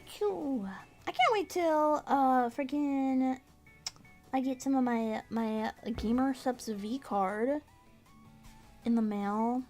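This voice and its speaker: A woman's voice: high-pitched, slow pace, darkish tone, soft background music. A young woman streaming casual chat as she embroiders, bubbly and giggly, sometimes baby-talking. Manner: bubbly, giggly, baby-talks to her cat.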